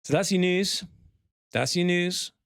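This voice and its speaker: A man's voice: high-pitched, unhurried, vocal fry, a bit bright, clean tone, no room sound, studio quality. A man hosting a live podcast in a chatty, rambling way, correcting himself and reading out viewer comments. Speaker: podcast host. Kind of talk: casual live podcast chat.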